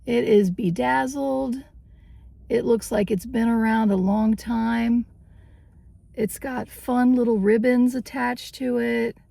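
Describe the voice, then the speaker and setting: Woman, vintage vlogger, casual cheerful chat, gravelly fry, unhurried, dry close sound. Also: a little high, steady tone, dark tone, no room sound. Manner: cheerful, giggly, chatty.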